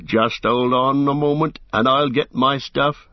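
A man's voice: lowish voice, animated, unhurried, husky, dry recording, full character voice. A man doing an earnest loyal hobbit servant. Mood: determined. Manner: pleading, homely country speech. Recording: dull lo-fi dry recording.

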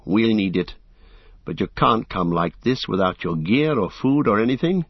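A man reading aloud and voicing a gentle but resolute young male hobbit, kindly yet firm and measured. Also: lowish voice, lively intonation, slightly rough, no echo. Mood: warm. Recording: dull lo-fi dry recording.

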